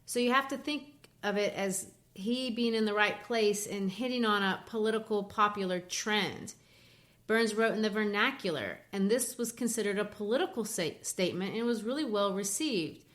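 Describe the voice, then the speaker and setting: Lady podcast host breaking down a poem, chatty, lively and explaining as she goes. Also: medium pitch, moderate pace. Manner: explanatory, animated, with light laughs. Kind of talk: casual literature discussion.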